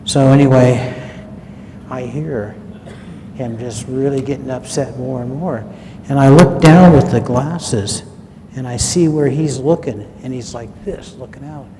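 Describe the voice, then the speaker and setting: A man tells his story to a conference crowd in a loose, folksy, chatty way. His voice sits at an average pitch and is picked up by a handheld mic. The big hall around him rings out long, with a faint hiss underneath. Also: a little slow, warm tone. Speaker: conference speaker. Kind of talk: storytelling talk. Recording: reverberant hall, faint noise.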